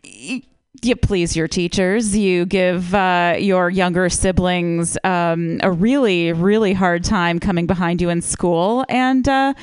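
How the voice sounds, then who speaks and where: A woman mocks her own bookish upbringing in a comic monologue and stops often on fillers. Her voice is very smooth and crisp. It sounds dry and close. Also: fairly low pitch, slow pace, dry recording. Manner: self-deprecating, hesitant fillers. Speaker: improv comedy performer.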